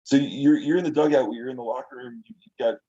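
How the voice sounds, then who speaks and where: A man co-hosting a podcast from home, asking a guest questions in quick, short bits. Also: mid-range voice, warm tone, breathy edge. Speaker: podcast co-host. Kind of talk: casual interview questions. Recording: dull lo-fi home recording.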